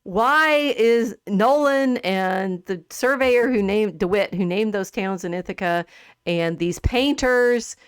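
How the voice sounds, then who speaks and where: Woman podcast host, casual literary chat, animated, laughing, many restarts, mid pitch, dry sound. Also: takes it slowly, clean tone, no room sound.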